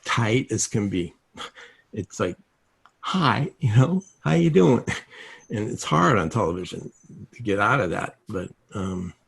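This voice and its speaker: A man with a lowish, gravelly voice delivers an informal self-help lesson via video call. His storytelling is animated, and he performs the quoted dialogue himself.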